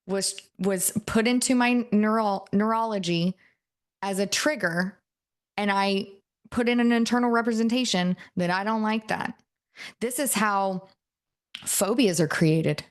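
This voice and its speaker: A woman giving a live coaching talk to an audience, telling stories in a chatty way and often checking in with the listeners. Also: medium pitch. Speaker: NLP and hypnosis coach.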